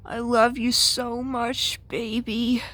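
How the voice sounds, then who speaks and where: A woman's voice: a little high, flat delivery, takes it slowly, a bit bright, no room sound. A woman voicing a clingy, oversensitive male washing machine boyfriend in a comic strip, whiny and possessive.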